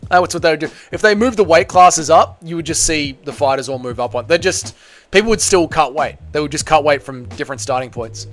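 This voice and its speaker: Rambling Kiwi streamer, slightly high voice. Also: male voice, expressive, faint music behind. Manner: quick, rambling, heavy use of "like", swears casually. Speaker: MMA livestreamer. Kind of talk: casual livestream chat, reading viewer comments aloud.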